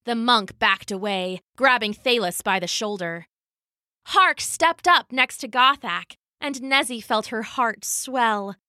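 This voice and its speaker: A woman storyteller reading a children's adventure story in an expressive, animated way. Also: on the high side, slow, dry recording, clean studio sound. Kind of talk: scripted children's story narration.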